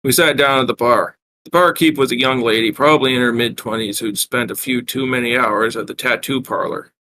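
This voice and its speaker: A man's voice: mid-range voice, steady tone, a little fast, noisy background. A man reading his own wry first-person fiction aloud, with small self-corrections. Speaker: writer reading his work.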